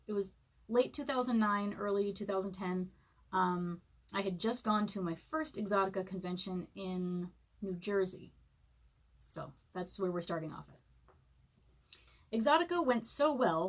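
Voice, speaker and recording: A woman in her thirties, hungover, chatting casually on a live stream and reading from her own book, with many fillers and laughs. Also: medium pitch. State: hungover, eating saltines and sipping broth.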